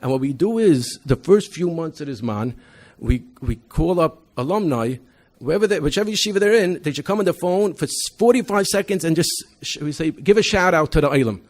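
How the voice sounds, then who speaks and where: A man speaks at a rapid clip in a somewhat raised voice, presenting to a convention as a rabbi. He tells stories with animation, restarting phrases and bursting into loud impressions of students. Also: fairly high pitch. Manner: animated storytelling, acts out quoted students loudly, frequent restarts. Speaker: rabbi presenting an educational program. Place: convention hall.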